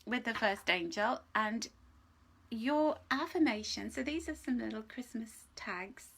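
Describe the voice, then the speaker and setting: A woman giving a live angel card reading in a gentle, reassuring way. She is emotional, laughs often, and at times drops to a soft whisper. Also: on the high side, expressive, unhurried, gravelly.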